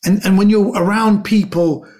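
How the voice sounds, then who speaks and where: A man's voice: sits high, normal speed. A middle-aged man from Britain, a comedian, telling anecdotes in casual chat and acting out the voices of the people in his stories. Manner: animated storyteller, acts out voices, frequent restarts. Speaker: comedian and actor guest.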